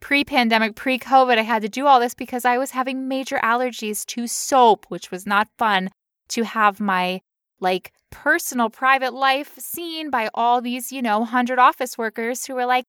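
A woman co-hosting a casual podcast, talking in an animated way and breaking into mocking impressions. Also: a little high, moderate pace, smooth, dry recording, clean studio sound. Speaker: podcast co-host.

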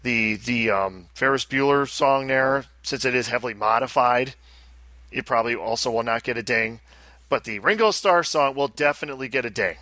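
Australian man, podcast co-host, bright voice, dry close sound. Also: medium pitch, normal speed, no room sound. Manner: chatty, reads listener mail aloud. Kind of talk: casual podcast chat.

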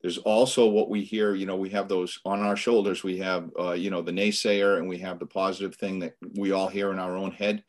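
A middle-aged man with a Boston accent speaks in a very low voice as a guest on a podcast interview. He talks earnestly and motivationally, and he often repeats a word or two as he starts a thought. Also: level tone, fairly quick, few pauses. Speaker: business coach guest.

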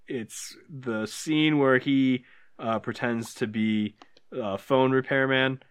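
A man co-hosting a relaxed car podcast. His humor is dry and wry, and he often lets his sentences trail off softly. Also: medium pitch, takes it slowly, clear, resonant tone. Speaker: podcast co-host. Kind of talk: casual chat.

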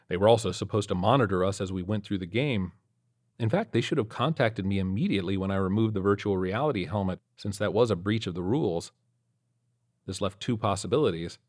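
Man narrating a tense horror story. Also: deep voice. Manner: tense, building suspense.

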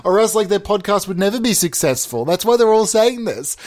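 A man's voice: high voice, animated, fairly quick, darkish tone. A man hosting a comedy podcast, delivering rambling, profane, mock-outraged rants. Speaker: podcast host.

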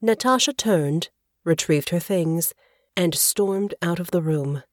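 A woman narrating an audiobook in a measured, even storytelling voice. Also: fairly low pitch, dry recording, studio quality. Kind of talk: scripted narration.

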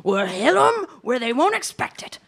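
A woman's voice: sits high, sing-song, normal speed, vocal fry, a bit bright, full character voice. A woman playing a cocky, foul-mouthed young wannabe supervillain in a comedy audio drama. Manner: cocky, swearing constantly. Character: brash foul-mouthed young villain wannabe, gun-waving mugger.

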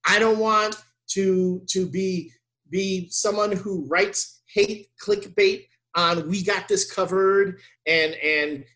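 High, bright-voiced ranting man. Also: takes it slowly. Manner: animated, ranting, gets loud and exasperated. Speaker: podcast co-host. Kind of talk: casual chat.

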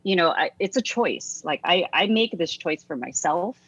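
Low-voiced woman telling her story. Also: lively intonation, normal speed, a bit bright, breathy edge, dry recording. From United States. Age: 40s. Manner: earnest, reflective storytelling with frequent fillers. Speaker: interview guest, music teacher and author. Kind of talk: casual reflective interview talk. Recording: slightly dull, dry recording.

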